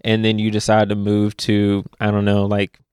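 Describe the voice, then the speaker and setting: A young man from Louisville chats as a podcast guest, spinning lively stories and laughing along the way. His voice sits a little low and sounds smooth and clear. The recording is dry and close. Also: no echo. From Louisville, Kentucky. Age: young adult. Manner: animated storyteller, laughs often, quick asides. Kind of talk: casual conversation.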